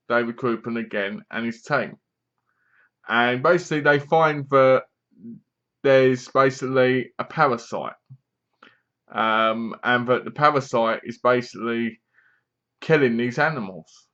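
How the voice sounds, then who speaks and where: A man's voice: medium pitch, fairly bright tone, muffled recording. A man casually reviewing a movie, rambling along, leaning on "basically" and correcting himself as he goes. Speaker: film reviewer.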